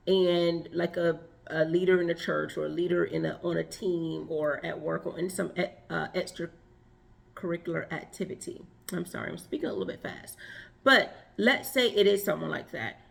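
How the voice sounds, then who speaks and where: A woman's voice: medium pitch, creaky. A woman coaching viewers on relationships, talking earnestly and stressing points with repeated lists. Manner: earnest, emphatic, lists with repetition. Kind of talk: advice talk to camera.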